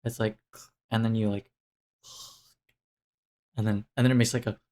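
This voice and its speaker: With a lowish, slightly mellow voice that barely moves in pitch, a young man speaks at a normal speed through a casual life update to the camera. He rambles, breaking off with plenty of fillers and restarts.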